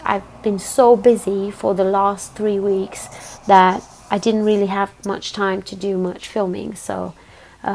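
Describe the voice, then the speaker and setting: A woman with a croaky, hoarse voice talks through an unboxing in a casual vlog. Her pitch sits in a middle range for a woman. She chats along loosely and often stops to rephrase. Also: darkish tone. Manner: chatty, pausing with fillers and restarts. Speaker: knitting video host.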